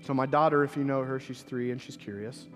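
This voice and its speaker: Soft music plays behind an earnest pastor in his thirties as he preaches briskly with fairly even intonation. He climbs into emphatic, repeated phrases, then drops low and quiet to relate a personal story.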